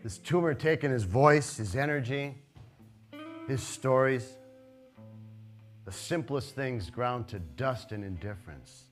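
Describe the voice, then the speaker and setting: A man performing a live storytelling piece on a theater stage, animated and conversational, going soft for sad parts. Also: medium pitch, takes it slowly, long pauses, faint music behind.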